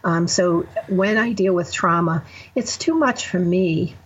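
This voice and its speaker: Husky low-voiced woman explaining calmly. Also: measured pace, dull audio. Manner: explanatory, walks through examples step by step. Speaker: guest therapist. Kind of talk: podcast interview.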